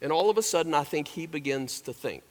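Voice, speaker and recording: With a slightly high voice, lively intonation and a quick pace, a pastor tells stories during his sermon and speaks straight to the congregation. The church's large hall gives the recording an echoey sound.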